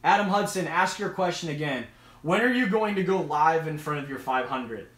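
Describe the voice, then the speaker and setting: Bright-voiced, eager man streaming live. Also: a little high, expressive, normal speed, reverberant. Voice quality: enthusiastic, rambling. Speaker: host of an aquarium live stream. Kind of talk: casual live-stream chat.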